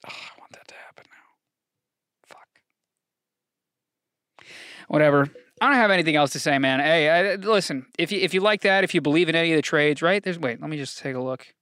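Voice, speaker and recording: Excitable, profane male sports podcaster. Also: fast talker, hardly any pauses, smooth, dry recording, studio quality. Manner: excitable and profane, swinging from shouting hype to low mutters. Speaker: podcast host. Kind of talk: casual solo sports podcast rant.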